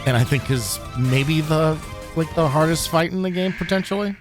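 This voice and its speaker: A man giving casual, animated commentary while streaming a game, swearing freely and laughing easily. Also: a little high, moderate pace. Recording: game music behind the voice. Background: game music.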